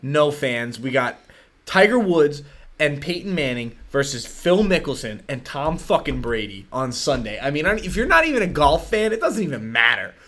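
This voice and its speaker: A man hosting a podcast in casual chat, rambling and profane, getting excited as he talks. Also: fairly high pitch, normal speed. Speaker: podcast host.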